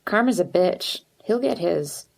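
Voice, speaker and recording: A woman's voice: on the low side, animated, a little slow, vocal fry, a little mellow, full character voice. A woman voicing a blunt, tough teenage girl who talks in a sarcastic, direct way.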